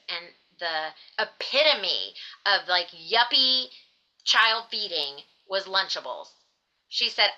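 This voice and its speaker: A middle-aged woman, a dietitian guest on a podcast, telling stories in a casual, animated way and acting out the voices she quotes. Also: mid-range voice, lo-fi sound. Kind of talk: casual storytelling interview.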